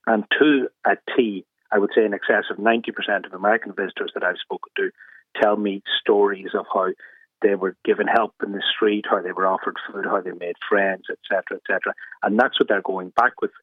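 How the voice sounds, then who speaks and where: An Irish man phones in to a radio show and talks fast, with a husky voice pitched fairly low. He presses his points emphatically, and the tinny phone line thins his sound. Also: steady tone, dry recording. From Ireland. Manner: emphatic, rising when enthused. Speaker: caller. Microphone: telephone.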